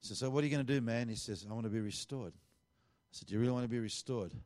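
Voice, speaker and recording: A man's voice: mid-range voice, quick pace, darkish tone. A middle-aged man, preaching a sermon as a pastor and telling a story with lots of quoted dialogue. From Australia.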